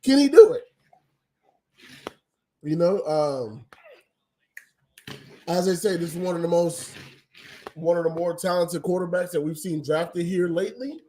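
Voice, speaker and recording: A man's voice: on the high side, a little slow, pauses often, mellow. A man hosting a livestream, giving opinionated casual sports commentary that rambles with frequent ums. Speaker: livestream host.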